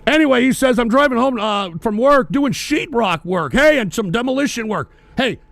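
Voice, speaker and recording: A man hosting a livestream, ranting angrily about politics and cursing at viewers who donate, often shouting. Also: very high-pitched, expressive, moderate pace, gravelly, no room sound. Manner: profane, ranting, frequently shouting. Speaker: livestream host. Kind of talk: angry political rant, reading donations.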